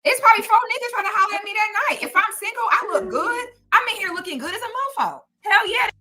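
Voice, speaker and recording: Brash, high-voiced woman teasing on a panel. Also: lively intonation, quick pace, bright, forceful tone. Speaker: panelist on a dating show clip. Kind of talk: casual panel banter.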